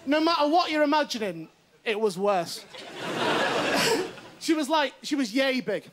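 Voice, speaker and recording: A man tells a stand-up story in a high, lively voice that swoops as he acts out other people. A loud studio audience laughs around him, with noise in the background. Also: measured pace, crowd noise. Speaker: stand-up comedian. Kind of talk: stand-up anecdote. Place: TV studio before a live audience.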